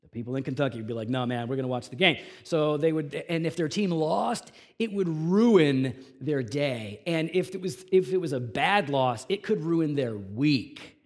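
A male pastor with a notably high voice delivers a sermon to his congregation. He talks in an earnest, conversational way, dropping soft and low for reflection, then rising loud and emphatic. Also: animated, normal speed, hardly any pauses. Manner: earnest, swings from quiet to emphatic.

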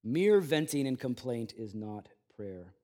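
A man preaching a sermon in a conversational way, moving between loud emphasis and quiet asides. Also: medium pitch, big pitch swings, a little slow. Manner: plays out the grumbling people in a raised voice. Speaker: pastor.

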